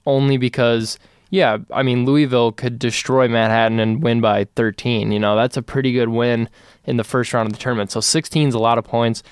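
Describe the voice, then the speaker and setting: A man talks through basketball picks in a relaxed, wry way. His voice is smooth and clear, at a middle pitch. It is recorded on a close, dry mic. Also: a little fast, no room sound. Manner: easygoing, wry, laughs along. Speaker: podcast co-host. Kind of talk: casual sports chat.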